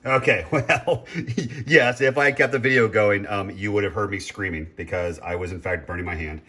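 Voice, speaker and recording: A man's voice: on the low side, normal speed, pushed and bright. A man casually chatting as he cooks at home, rambling, interrupting himself and filling gaps with ums and uhs. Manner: rambling, self-interrupting, chatty with frequent fillers. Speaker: home cooking vlogger. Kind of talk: casual cooking commentary.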